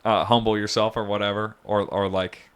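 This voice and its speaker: A man's voice: on the low side, flat delivery, moderate pace, clean tone. A man co-hosting a podcast in casual chat, rambling and jokey, often mocking himself. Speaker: podcast co-host.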